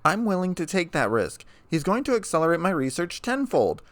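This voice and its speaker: Eager unicorn girl chasing proof for a fan story, a male reader lifting his pitch, dry and close. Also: very animated, fairly quick, no echo. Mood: insistent. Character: eager, obsessive young female unicorn researcher.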